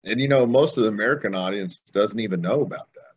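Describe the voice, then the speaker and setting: A man co-hosting a podcast, talking in a steady, reflective way, recorded with dull lo-fi sound and faint noise behind him. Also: fairly low pitch, quick pace, breathy edge. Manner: steady and reflective, talks things through. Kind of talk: casual podcast chat.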